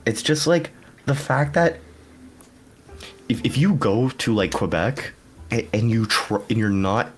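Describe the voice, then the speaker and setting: A man's voice: mid-range voice, a little slow, long pauses, breathy edge. A young man co-hosting a podcast, rambling casually, swearing freely and laughing often. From Canada, Hamilton area. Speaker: podcast co-host.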